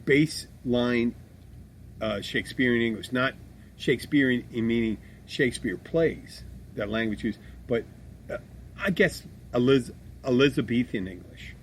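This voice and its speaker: A man's voice: mid-range voice, a little slow, slight background noise. Blunt, rambling man from Philadelphia. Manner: blunt, swears freely, self-described abrasive; rambling, lots of restarts. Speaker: podcast host. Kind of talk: casual podcast chat.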